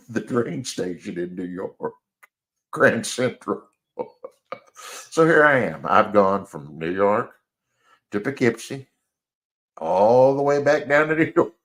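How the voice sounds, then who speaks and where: An older man telling a personal story in a folksy, self-deprecating way, chuckling as he goes. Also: fairly low pitch. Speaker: storyteller host. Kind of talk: casual anecdotal storytelling.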